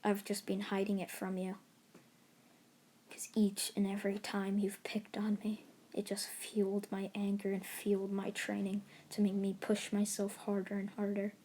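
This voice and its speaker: A woman doing a smug, calm teen boy. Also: medium pitch, normal speed, a little hiss or hum, close to an everyday voice. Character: calm smug overpowered teenage boy hero.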